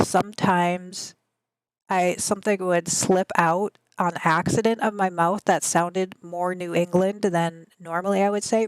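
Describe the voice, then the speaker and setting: A thirtysomething woman with a Midwestern American accent talks loosely with viewers of her live stream, reading their chat out loud as she rambles. She sits at her home gaming desk, her lowish voice captured with no room sound.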